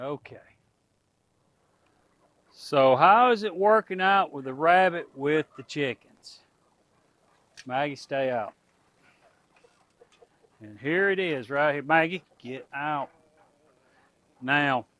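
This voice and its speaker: A man's voice: mid-range voice, a bit bright. A middle-aged man, chatting casually to his viewers and animals outdoors on a farm. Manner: folksy, talks to animals and viewers. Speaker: homestead vlogger.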